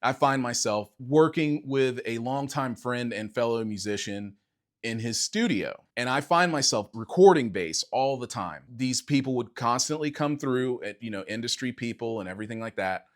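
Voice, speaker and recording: A middle-aged man, a bassist, telling a reflective personal story to camera in a casual conversational way, acting out quoted dialogue. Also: normal speed. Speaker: bassist and video creator.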